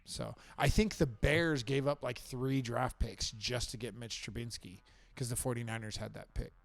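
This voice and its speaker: A man with a gravelly, creaky edge to his voice talks football on a podcast, sure of his predictions and happy to defend them. His voice is close and dry, with no room sound around it. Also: mid-range voice, fairly even intonation, normal speed, dry recording. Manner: opinionated, confident football predictions. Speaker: podcast co-host. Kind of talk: casual sports chat.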